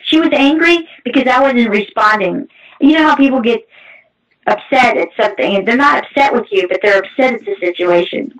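Halting, emotional middle-aged woman, muffled. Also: fairly high pitch. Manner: halting, emotional storytelling with many restarts. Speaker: guest. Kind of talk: personal testimony in an interview. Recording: muffled distant mic.

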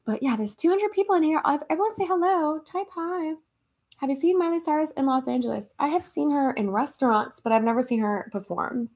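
A woman's voice: sits high, animated, fast, few pauses, a little mellow, husky. A young American woman chatting casually on a livestream at home, reading out viewer comments and giggling between replies. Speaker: livestream host. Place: her home in Los Angeles.

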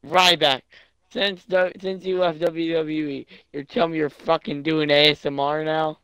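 A young man live-streaming a game, loud and crude, mocking what he watches and laughing often. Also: a little high, flat delivery, normal speed, clear, resonant tone, dry recording. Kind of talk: casual live-stream commentary.

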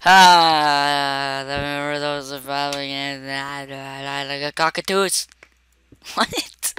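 A man's voice: mid-range voice, flat delivery, unhurried, sharp tone, a little hiss or hum. A man hosting a video game session with casual, playful commentary, giggling often. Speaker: gaming video host.

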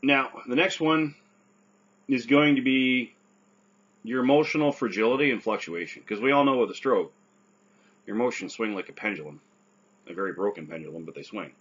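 Husky man giving earnest advice. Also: mid-range voice, moderate pace, pauses often, a bit bright, dull audio. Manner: earnest, repeats "right?" often. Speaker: stroke survivor giving advice. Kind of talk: casual advice talk.

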